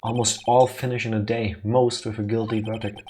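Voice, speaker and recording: A man's voice: fairly low pitch, level tone, noisy background. Playful punning man playing a game. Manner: playful, punning, quick asides. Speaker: let's play co-host. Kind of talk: casual gameplay banter, reading dialogue aloud.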